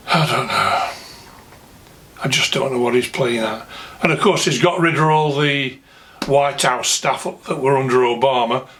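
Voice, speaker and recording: Angry, indignant and scornful, a Yorkshire-accented man from England delivers a political rant to camera as a vlogger. His voice is somewhat high and a bit bright.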